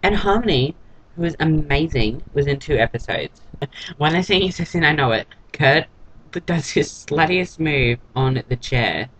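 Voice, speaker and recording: A man's voice: on the high side, expressive, a little slow, fairly bright tone, poor audio. A man giving a casual, gossipy vlog recap of a TV episode in a catty, sarcastic way. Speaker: TV episode reviewer.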